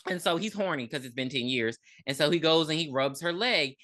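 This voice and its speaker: Woman, low voice, bright tone, animated delivery, casual swearing, podcast co-host. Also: brisk. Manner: casual, profane, retells the plot and acts out lines. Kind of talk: casual movie-review chat.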